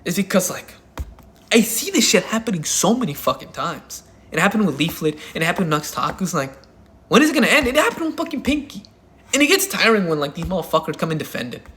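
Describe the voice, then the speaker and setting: High-pitched guy ranting on his commentary channel, swears a ton, voice jumps all over. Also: sing-song, fast talker, a bit bright, slight background noise. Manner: profane, heated and emphatic.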